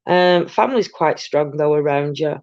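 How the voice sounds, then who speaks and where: A woman's voice: sits low, normal speed, a little mellow, dry recording, muffled recording. Tired older woman chatting. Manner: chatty, greets viewers by name, many ums. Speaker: tarot reader and live-stream host. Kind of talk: casual live-stream chat and tarot reading.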